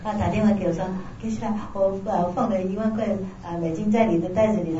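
A woman interpreting a talk phrase by phrase, quick and plain, echoing the speaker's tone. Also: medium pitch, fairly even intonation, mellow, a little hiss or hum. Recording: distant, roomy, dull lo-fi sound with faint ambience.

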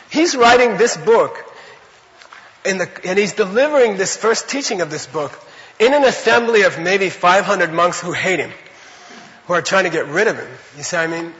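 A man giving an animated, conversational Buddhist teaching to a class, often checking in with his listeners. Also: high voice, big-room sound, muffled recording. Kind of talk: dharma lecture to a class.

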